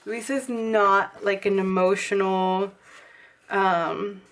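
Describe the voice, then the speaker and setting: Young woman, slightly hoarse, casual planner chat, lots of fillers, says y'all. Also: medium pitch, fairly even intonation, slow pace. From Texas. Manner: chatty, many fillers, addresses viewers as y'all. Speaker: planner vlogger.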